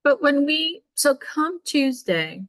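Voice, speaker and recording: A woman taking part in a casual online meeting, speaking haltingly and trailing off mid-sentence, heard over a video call. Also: high-pitched, sing-song, a bit bright, no echo, rough recording. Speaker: meeting participant.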